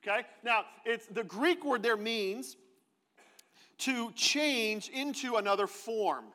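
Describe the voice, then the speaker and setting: High-voiced pastor in a reverberant hall. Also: male voice, takes it slowly, sharp tone. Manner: conversational, asks the congregation questions. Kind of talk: sermon. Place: church sanctuary.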